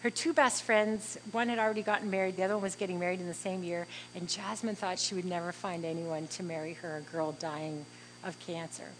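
A woman's voice: lowish voice, flat delivery, fairly quick, a little hiss or hum, low-quality recording. Earnest middle-aged woman telling her testimony. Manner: earnest, heartfelt, acts out dialogue as she tells it. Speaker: speaker sharing a faith testimony. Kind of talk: personal testimony storytelling.

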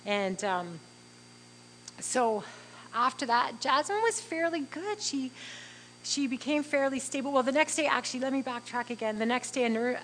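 A woman's voice: fairly high pitch, fairly bright tone, slight background noise, low-quality recording. Earnest woman telling a personal story. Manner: earnest and heartfelt, halting with fillers. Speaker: interviewee.

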